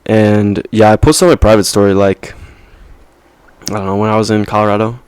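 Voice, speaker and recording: A young man talking straight to his viewers in a loose, rambling way, leaning on slang and little "you know?" checks. His voice sits on the low side and comes through dry and close, with no room sound around it. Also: level tone, fairly quick, a little mellow, clear, resonant tone, dry recording. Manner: rambling, slangy, self-interrupting with "like" and "right?". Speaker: vlogger. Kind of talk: casual monologue to camera.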